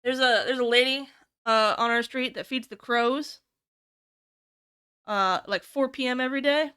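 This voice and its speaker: A young adult woman from the United States, chatting on stream in a casual, animated way, swearing freely and jumping high when she quotes people. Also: unhurried, a little hiss or hum. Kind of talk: casual chat while working on stream.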